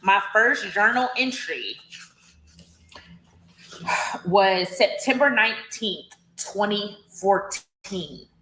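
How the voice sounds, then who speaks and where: A woman's voice: mid-range voice, expressive, slow pace, pushed and bright. A woman reading entries from her old diary aloud, breaking off for chatty asides to her listeners. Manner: chatty, addresses listeners as y'all. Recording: echoey room.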